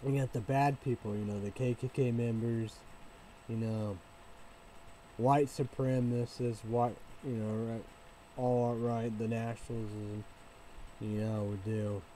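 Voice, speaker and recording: A man from Illinois ranting in a halting, repetitive way, sometimes bursting into loud excited shouting. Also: medium pitch, slight background noise, low-quality recording. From Illinois, United States. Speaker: vlogger. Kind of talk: rambling casual rant.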